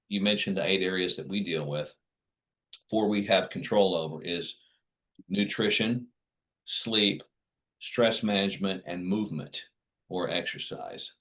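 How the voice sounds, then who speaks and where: A man's voice: low voice, a bit bright, lo-fi sound. A man speaking as a guest on a podcast, a physician who lays out his points in firm, teaching declarations. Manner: emphatic, didactic, firm declarations. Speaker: physician and wellness clinic founder.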